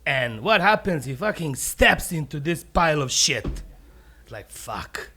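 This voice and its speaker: A male comedian telling jokes live in a brewery taproom, animated and profane. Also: fairly high pitch, normal speed.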